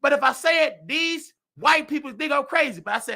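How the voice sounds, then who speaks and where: A man with a very high, bright, piercing voice and a gravelly edge, speaking. He rants through a story as host, excitable and preachy, breaking into shouts. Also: normal speed, few pauses. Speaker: show host. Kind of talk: animated personal storytelling.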